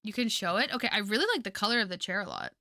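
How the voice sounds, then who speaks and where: A woman's voice: medium pitch, racing, no echo, clean studio sound. A woman in her twenties chatting casually with viewers as a streamer, chatty with lots of fillers. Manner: chatty, lively, filler-heavy.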